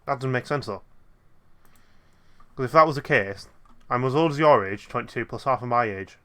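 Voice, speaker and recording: A young man hosting a casual let's play, working through puzzles out loud in an offhand, muttering way. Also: mid-range voice, normal speed. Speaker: gaming channel host.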